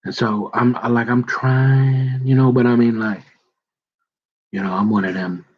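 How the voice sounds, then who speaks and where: A man's voice: medium pitch, fairly even intonation, unhurried, lo-fi sound, slight background noise. A tired man, rambling and joking in a casual vlog. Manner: rambling, joking, repeats himself. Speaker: vlogger.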